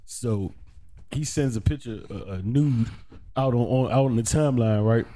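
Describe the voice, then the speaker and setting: A man's voice: mid-range voice, normal speed, warm tone. Laid-back man telling a story. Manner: laid-back, laughs while telling stories. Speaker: podcast co-host. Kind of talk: casual storytelling.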